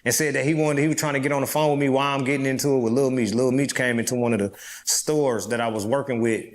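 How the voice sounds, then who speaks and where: A man's voice: mid-range voice, steady tone, quick pace. A middle-aged man, a guest in an interview, telling a story in a blunt, streetwise way and swearing freely.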